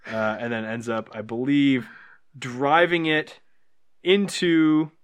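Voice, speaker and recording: A man's voice: medium pitch, slow, clean tone, highs cut off. Dry-humored male podcast co-host. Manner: dry, wry humor, trails off softly. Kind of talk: casual chat.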